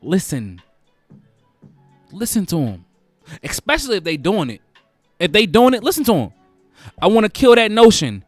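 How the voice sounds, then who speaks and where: A man's voice: high voice, lively intonation, normal speed, no room sound, clean studio sound, faint music behind. A male host giving advice in a casual, preachy monologue, repeating phrases for emphasis.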